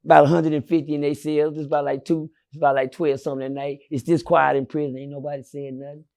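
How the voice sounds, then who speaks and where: High, gravelly-voiced storyteller man. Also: flat delivery, fast. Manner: swinging from loud shouts to low murmurs, profane. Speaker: interview guest. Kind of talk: animated storytelling.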